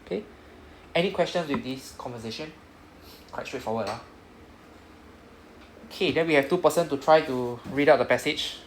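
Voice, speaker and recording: A man's voice: medium pitch, normal speed, pauses often. Singaporean man teaching, echoey room. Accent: Singaporean English. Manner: says "right?" after nearly every sentence, coaching students. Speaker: Japanese language teacher. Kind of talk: classroom lesson explaining grammar. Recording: echoey classroom with background noise.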